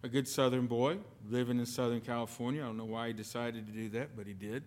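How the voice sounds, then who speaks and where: A man preaching a sermon as pastor, telling stories with sudden swings between loud and soft. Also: medium pitch, fairly even intonation, fast. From lived in the United Kingdom.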